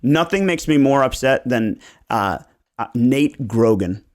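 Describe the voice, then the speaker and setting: A man's voice: mid-range voice, unhurried. A man, hosting a casual podcast chat, telling stories and acting out clients' lines with loose swearing. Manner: animated storyteller who acts out clients' lines, profane. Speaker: real estate agent and podcast host.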